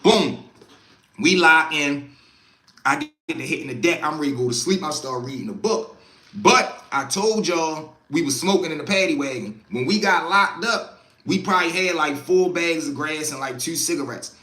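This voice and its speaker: Guy spinning a wild story on a live stream, high bright voice, lots of cussing and "boom", kinda echoey room. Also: normal speed. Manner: animated, profane, punctuates with "boom". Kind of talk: casual storytelling.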